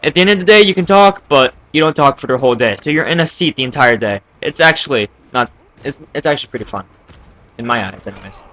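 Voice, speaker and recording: A man's voice: mid-range voice, animated, fast, fairly bright tone. A teenage boy casually telling a story from school, rambling with many fillers and restarts. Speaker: vlogger.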